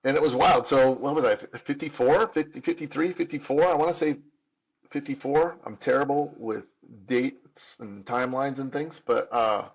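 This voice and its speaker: A man's voice: mid-range voice, moderate pace, lo-fi sound. A man in his fifties telling his own story as an interview guest, candid and earnest, often restarting and repeating words. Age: 50s. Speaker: podcast guest.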